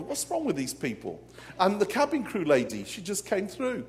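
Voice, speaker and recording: A man's voice: high-pitched, wildly swooping pitch, fairly quick. A man preaching a live sermon to a conference crowd in a hall, with dramatic, comic storytelling. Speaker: pastor.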